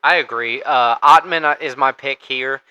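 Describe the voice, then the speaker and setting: A man's voice: mid-range voice, moderate pace, pushed and bright, smooth, muffled recording. A man co-hosting a casual sports podcast, talking through fight picks in a loose, conversational way with fillers and restarts. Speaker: podcast co-host.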